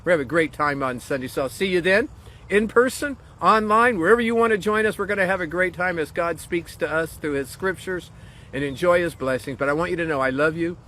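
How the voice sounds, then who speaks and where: A man's voice: fairly high pitch, sharp tone, a little hiss or hum. A man speaking as a pastor in a short devotional message, earnest and encouraging, leaning on key phrases.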